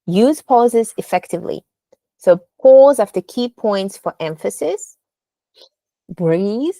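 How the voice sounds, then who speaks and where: A woman's voice: medium pitch, a little mellow, no echo. A woman coaching speech delivery, explaining patiently step by step and demonstrating rising and falling intonation on example phrases. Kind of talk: instructional lesson on delivery.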